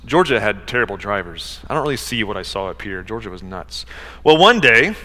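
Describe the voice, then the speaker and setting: A man's voice: mid-range voice, sharp tone, in a large hall. A middle-aged male pastor preaching a sermon, with rising emphasis and rhetorical questions.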